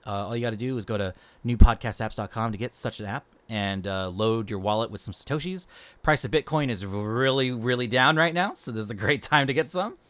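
A man's voice: medium pitch, fairly quick, fairly bright tone. A man co-hosting a casual podcast, talking loosely with many fillers. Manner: rambling, loose, with frequent fillers. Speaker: podcast co-host. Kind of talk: casual chat.

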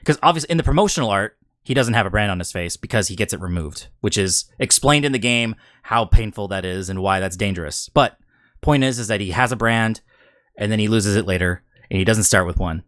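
A man's voice: on the low side, fairly quick, dry recording. Rambling man on a dry mic. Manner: rambling, animated storytelling with acted quotes. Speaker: podcast co-host. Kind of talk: casual gaming podcast chat.

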